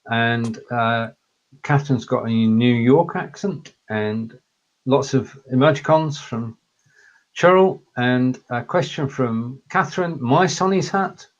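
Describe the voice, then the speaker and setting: A man hosting a live online show, briskly reading out viewer comments and steering the chat. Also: medium pitch, highs cut off. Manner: reads out viewer comments, quick and upbeat. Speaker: show host.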